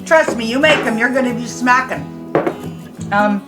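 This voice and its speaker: A woman's voice: fairly high pitch, moderate pace. A woman hosting a home cooking vlog, chatting casually and laughing as she snacks. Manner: chatty, laughing, chewing while talking. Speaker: homestead channel host. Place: home kitchen. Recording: music playing under the voice. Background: background music.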